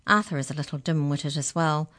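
Woman putting on lil caged mouse, dry polite know-it-all, kinda loud, storybook. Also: low voice, fairly quick. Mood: wry. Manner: polite, dry, matter-of-fact. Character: small, wry, knowing mouse in a cage.

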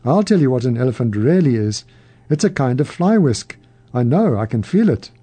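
A smug blind man who sneers at the others and claims he alone knows the truth, as a storyteller voices him. The voice is very dark and mellow, read in a storybook manner. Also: medium pitch, big pitch swings, normal speed, breathy edge. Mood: sneering.

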